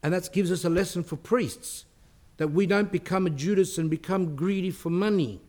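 A man's voice: sits high, moderate pace, a little mellow. A man, a priest, reading aloud from a religious text and explaining it in a spiritual talk, stressing key points with rising emphasis.

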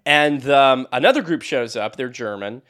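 A man's voice: medium pitch, expressive, moderate pace, a bit bright. A young man co-hosting a podcast, telling rambling stories in casual chat and laughing often. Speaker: podcast co-host.

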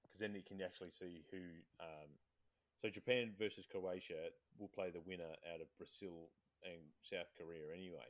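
A man hosting a casual podcast chat, playful and quick to laugh. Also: low voice, steady tone. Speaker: podcast host.

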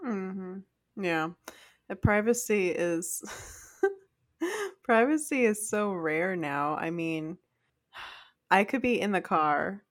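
A woman's voice: mid-range voice, takes it slowly, pauses often, no echo, studio quality. A woman co-hosting a podcast in casual chat, easygoing and talkative. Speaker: podcast co-host.

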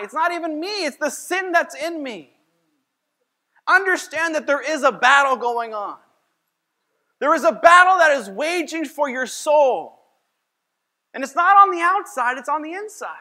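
A man's voice: very high-pitched, sharp tone. A man preaching as a pastor, telling a personal story in a conversational sermon and acting out his own lines.

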